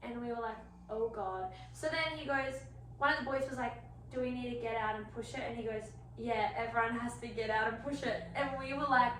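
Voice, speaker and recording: High-voiced animated young woman, echoey room. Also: brisk, distant mic. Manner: animated, laughing, acts out others' lines. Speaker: podcast co-host. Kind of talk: casual storytelling chat. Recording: roomy echo, a bit off mic, faint hiss.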